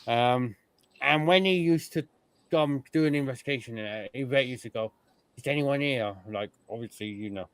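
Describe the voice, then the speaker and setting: Animated man, smooth dry voice. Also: medium pitch, normal speed, no room sound. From United Kingdom. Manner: animated storyteller, mimics people he describes. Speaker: podcast host. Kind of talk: casual chat.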